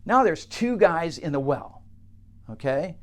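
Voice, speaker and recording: A man who works with clients, telling a teaching story straight to camera in a halting way, with many fillers and restarts. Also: fairly high pitch, big pitch swings. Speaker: coach working with clients.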